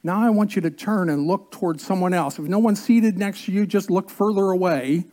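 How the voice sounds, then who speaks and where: A man preaching a sermon as pastor, slow and earnest, drawing out key words and coaxing the congregation to join in. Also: high-pitched, mellow.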